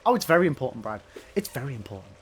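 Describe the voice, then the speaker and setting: A male gaming streamer from England, Midlands accent, talks with his chat as he plays, naming the viewers he replies to and swearing liberally. The delivery is mid-range, sing-song and very fast, with slight background noise.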